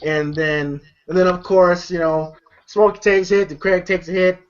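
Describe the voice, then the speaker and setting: A movie reviewer retelling a film's scenes in a casual, excited way, swearing freely and repeating words as the story tumbles out. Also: mid-range voice, moderate pace, clear, resonant tone. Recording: dull lo-fi recording.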